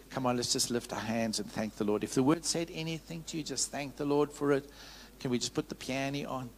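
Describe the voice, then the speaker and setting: A man's voice: mid-range voice, fairly quick. A man preaching a sermon as pastor, fervent and candid, leading the congregation in call-and-response and sharing his own testimony. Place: church service. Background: piano music.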